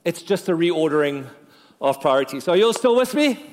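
A male pastor preaching a sermon in a lively, joking way, talking straight to his congregation. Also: a little high, brisk. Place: church. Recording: long reverb of a church hall.

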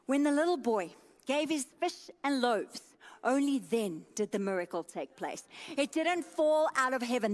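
A woman's voice: high-pitched, lively intonation, normal speed, a faint crowd. A woman pastor in her thirties preaching a sermon with an emphatic, repetitive cadence.

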